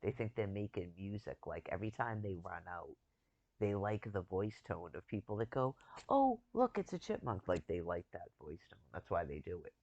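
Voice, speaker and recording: A man's voice: sits low, normal speed, gravelly, a little mellow, no echo, dull audio. A man in casual chat, rambling and chuckling as he talks, with loose, profane phrasing.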